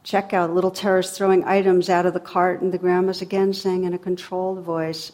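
A woman with a slightly low voice speaks like a meditation teacher addressing a group. She talks conversationally and unhurriedly. Her humor is dry and sarcastic, and she laughs easily. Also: level tone, a little fast, few pauses, darkish tone. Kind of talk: reflective talk on meditation.

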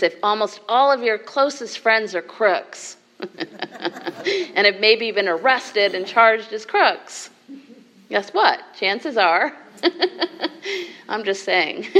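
A woman gives a dharma talk in a slow, unhurried voice at a middling pitch. She speaks in a measured, gentle way to a gathered group, with soft laughs and frequent asides of "right?". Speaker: Buddhist meditation teacher. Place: meditation hall with a group.

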